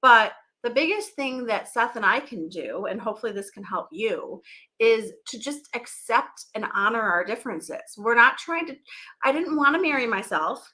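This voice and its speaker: A woman's voice: on the high side, expressive, normal speed, bright, forceful tone. A middle-aged woman hosting a podcast, chatting casually in a rambling, laughing way. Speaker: podcast host. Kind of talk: casual live chat.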